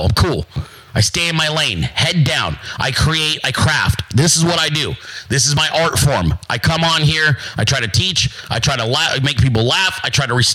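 A man's voice: fairly high pitch, sharp tone, low-quality recording. A man hosting his own show, giving a brash, profane motivational monologue and mocking other people in put-on voices. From United States. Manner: brash, profane, emphatic, repetitive. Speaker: show host.

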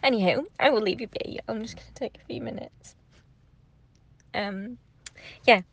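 Gravelly-voiced woman, reflective chat. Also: on the high side, moderate pace, no room sound. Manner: rambling and reflective, with many "like" fillers. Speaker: podcast co-host. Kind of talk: casual heartfelt chat.

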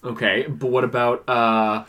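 A man's voice: medium pitch, level tone, measured pace, a bit bright. A man co-hosting a podcast in casual chat, rambling and poking fun at himself. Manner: rambling, self-mocking, chatty. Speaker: podcast co-host.

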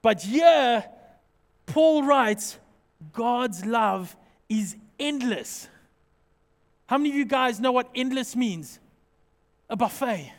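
High-voiced animated pastor in a hall. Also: male voice, slow, long pauses. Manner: animated, jokey, acts out little scenes. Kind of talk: sermon.

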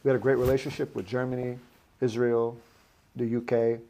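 A man hosting a casual podcast, talking in halting bursts with frequent restarts. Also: medium pitch, level tone, dark tone. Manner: halting, restarts his sentences. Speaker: podcast host.

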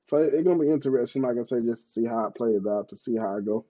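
A man with a Mississippi Southern accent, a guest in a casual conversation, talking in a relaxed, profane way and repeating his phrases as he goes. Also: mid-range voice, very fast, a little hiss or hum. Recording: dull lo-fi sound.

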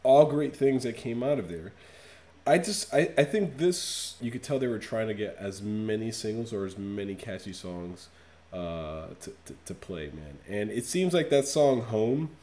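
A man's voice: fairly low pitch, lively intonation, moderate pace, dark tone. A man in casual podcast chat, ranting in a profane, mock-outraged way.

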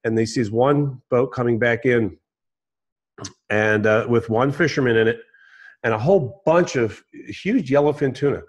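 A man hosting a conversation, telling a story in a casual, animated way. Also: medium pitch, normal speed, dull audio.

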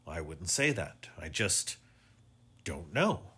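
A man voicing an older retired police inspector, precise and insistent, in a husky voice. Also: deep voice, sing-song, takes it slowly, sharp tone, heavily acted. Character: retired male police inspector, older, dogged and sure of himself.

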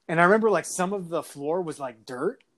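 A man's voice: on the high side, a little fast, fairly bright tone. A man telling a story in casual chat, rambling with many fillers and swear words.

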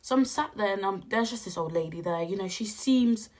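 A young woman with a hoarse, husky voice, chatting casually as she recounts a night out in an animated, slangy way. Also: a little fast. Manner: animated, slangy, jumps to high exclaims when quoting. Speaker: podcast host.

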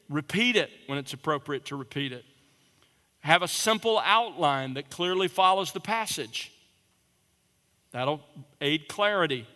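A man teaching preachers about sermon delivery in an emphatic lecture style, stressing and repeating his key points. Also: fairly high pitch. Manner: emphatic, repeats key points, drops to a quiet conversational voice to demonstrate. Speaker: preaching instructor. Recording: long reverb in a large hall.

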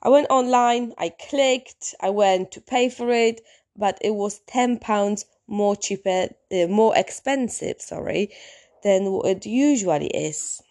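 A woman's voice: medium pitch, slow pace, darkish tone. A woman hosting her own podcast, telling an everyday story in a chatty, rambling way that wanders off and circles back. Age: adult, in a long-term relationship. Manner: rambling, chatty, self-interrupting. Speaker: podcast host. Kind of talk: casual solo podcast storytelling.

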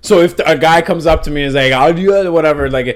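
A man co-hosting a podcast in casual chat, animated and swearing, acting out voices loudly. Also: on the high side, quick pace. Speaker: podcast co-host.

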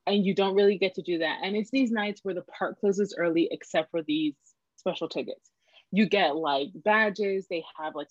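Lower-voiced young woman, lively storyteller. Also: no echo. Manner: animated, acts out dialogue, many fillers. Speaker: guest. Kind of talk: casual storytelling chat. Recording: dull lo-fi dry recording.

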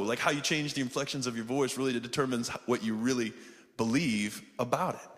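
This preacher talks quickly with a medium-pitched, steady, fairly bright voice that echoes through a large hall. His sermon is conversational, drawing responses from the congregation in the sanctuary and from those watching the online stream.

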